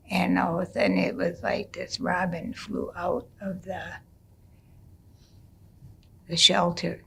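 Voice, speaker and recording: A middle-aged woman telling a traditional story casually, unhurried, with gentle hesitations and restarts. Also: medium pitch, flat delivery, gravelly, husky. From United States.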